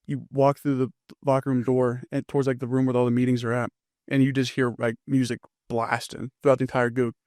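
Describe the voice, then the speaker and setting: Brief: young male athlete guest, quick chatty storyteller, dry close sound. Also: medium pitch, little pitch movement, darkish tone, no room sound. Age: young adult. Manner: fast storytelling with lots of fillers. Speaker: football team captain guest. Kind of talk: casual chat.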